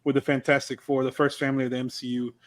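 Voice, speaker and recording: A man's voice: medium pitch, level tone, rapid-fire. A man co-hosting a podcast, talking about superhero films in a hyped, slangy, profane way. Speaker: podcast co-host. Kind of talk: casual chat.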